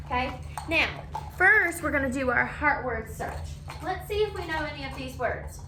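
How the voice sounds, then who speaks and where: Young female primary teacher, patient and sing-song, slightly high voice, recorded with faint noise. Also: lively intonation. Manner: slow, sing-song, coaxing questions. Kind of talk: recorded phonics lesson for young children.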